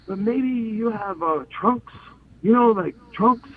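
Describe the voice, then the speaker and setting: A man voicing an older Japanese bus driver who is polite and nosy and speaks in halting hints, over a phone-like line. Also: high voice, voice pushed up. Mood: coaxing. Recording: phone-like line with faint hiss.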